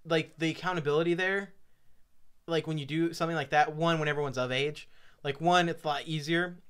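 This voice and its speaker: A man's voice: a little high, steady tone, fairly quick, fairly bright tone, clean tone. A man in his twenties co-hosting a podcast, laid-back and laughing, swearing casually. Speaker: podcast co-host. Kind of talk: casual chat.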